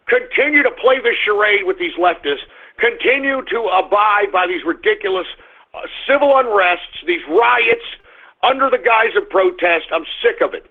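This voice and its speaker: Angry high-voiced male radio ranter. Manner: angry, profane ranting with abrupt swings into shouting; blunt market-report delivery with fillers. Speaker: radio show host. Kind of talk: ranting talk radio monologue. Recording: narrow phone-line sound.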